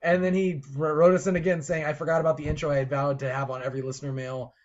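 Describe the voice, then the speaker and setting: Young male podcast co-host, excitable and fast, slightly high, laughs and swears a lot, dull lo-fi sound. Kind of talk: casual podcast chat. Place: home room, window open. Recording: dull lo-fi home recording.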